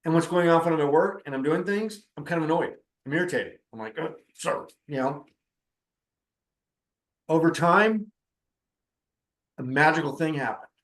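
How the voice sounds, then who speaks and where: A man's voice: a little high, lively intonation, normal speed, long pauses. Man telling a spiritual story, echoey room. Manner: conversational, acts out quoted dialogue. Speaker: spiritual teacher and counselor. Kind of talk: storytelling talk on spiritual practice.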